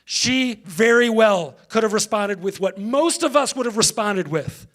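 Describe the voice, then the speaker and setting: A man's voice: high voice, animated, a little slow, fairly bright tone. A male pastor giving a conversational sermon, engaging the congregation directly.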